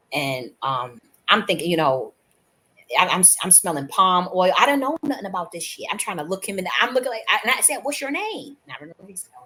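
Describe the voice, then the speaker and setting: A woman's voice: on the low side, fairly bright tone. A woman host talking off the cuff to her viewers, emphatic and profane, rambling with many restarts. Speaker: channel host. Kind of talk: unscripted spiritual monologue.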